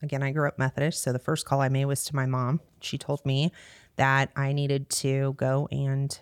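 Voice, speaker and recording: A woman's voice: extremely low pitch, monotone, normal speed, clear, resonant tone, dry recording. A woman in her thirties, a parish staff member, chatting as a podcast guest and telling her story with laughs and fillers. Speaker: guest, parish evangelization director. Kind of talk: casual podcast chat.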